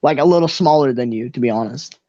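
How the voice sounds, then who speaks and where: Brief: young game master, relaxed rambling narration, dry muted mic. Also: male voice, mid-range voice, fast, no echo, lo-fi sound. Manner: loose, casual narration with fillers.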